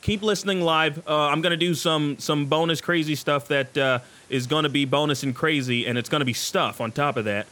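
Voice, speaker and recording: Bright-voiced, excitable male podcast host. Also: fairly high pitch, brisk, few pauses. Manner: excitable, joking, stumbling restarts. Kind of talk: casual live show chat. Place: studio.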